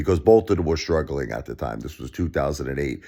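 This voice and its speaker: A man with a deep, low voice rants to his viewers in an impassioned, emphatic way. He repeats his points, and his pitch climbs and drops in wide, animated swings. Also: fairly quick, vocal fry, few pauses. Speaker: vlogger. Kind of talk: ranting commentary.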